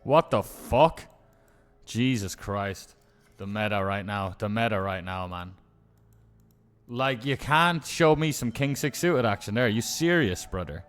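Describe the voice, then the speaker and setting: A man's voice: fairly low pitch, measured pace, a bit bright, clear, resonant tone, soft background music. A man commentating his own online poker game on a live stream, muttering and swearing in exasperation.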